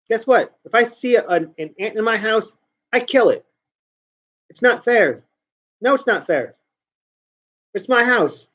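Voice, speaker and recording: A man's voice: high voice, a bit bright. Brash, blunt man ranting on lo-fi audio. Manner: brash, blunt and combative, with swearing. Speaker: show host. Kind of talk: ranting commentary.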